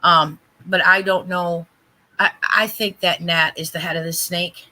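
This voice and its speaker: Bright-voiced woman retelling events animatedly. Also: fairly low pitch, steady tone, measured pace, poor audio. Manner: emphatic. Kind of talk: casual livestream chat.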